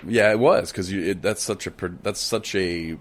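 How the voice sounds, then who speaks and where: Brief: thirties man, very low voice, podcast co-host, hammy over-the-top reading, laughs a lot. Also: normal speed. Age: 30s. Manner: mock-dramatic reading, frequent laughter. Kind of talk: casual podcast banter.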